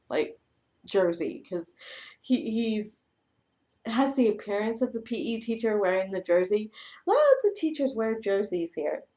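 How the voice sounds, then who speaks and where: A young woman in her twenties, an English teacher, chatting casually and laughing as she tells a story. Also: medium pitch. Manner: chatty, laughs often, acts out quotes.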